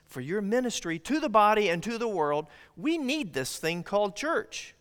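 A man's voice: high voice, big pitch swings, a little fast, few pauses, a bit bright, smooth. A man preaching a sermon as pastor, earnest and building to emphatic declarations. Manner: earnest preaching, rising emphatic on key lines. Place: church sanctuary. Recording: long reverb of a church hall.

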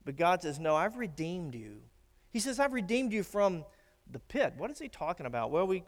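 A man preaching a sermon, swinging from emphatic declarations to hushed, grave warnings. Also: fairly high pitch. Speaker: pastor. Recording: long reverb of a church hall.

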